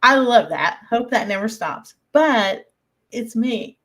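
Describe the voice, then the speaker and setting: A woman's voice: on the high side, lively intonation, slow pace, fairly bright tone. A woman with a Southern US accent co-hosting a podcast, chatting casually in a folksy way and laughing often. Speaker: podcast co-host. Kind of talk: casual chat.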